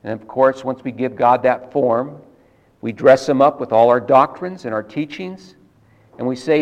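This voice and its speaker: A man preaches a sermon in an earnest, measured teaching style, repeating key words for emphasis. He has a mid-range, darkish voice, and the audio sounds dull.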